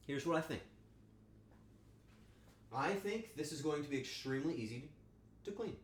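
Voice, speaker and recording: A man with a fairly high voice livestreams his cooking from a home kitchen, speaking at normal speed with frequent pauses. Amid roomy sound and a slight hiss or hum, he jokes crudely and animatedly with his audience.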